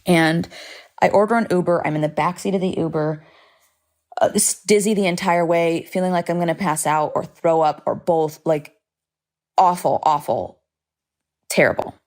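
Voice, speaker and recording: A woman's voice: fairly low pitch, steady tone, normal speed, pauses often, a little mellow. A woman hosting a podcast, telling a personal story in a chatty, dramatic way, full of "like" fillers and casual swearing. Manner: vivid, dramatic retelling. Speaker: podcast host.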